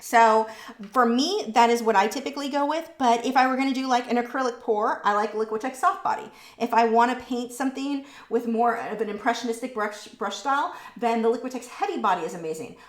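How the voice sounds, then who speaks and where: A woman hosting a live painting stream, chatting casually and answering viewer questions, warm and talkative. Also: a little high, fairly quick, echoey room. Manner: warm, chatty, easily moved, laughs between words.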